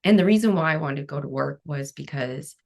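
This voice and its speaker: Low gravelly woman telling her story. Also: animated, a little fast, a little mellow. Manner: frank, quotes her past self, many "like" fillers. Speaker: guest, cancer coach. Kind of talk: candid interview storytelling.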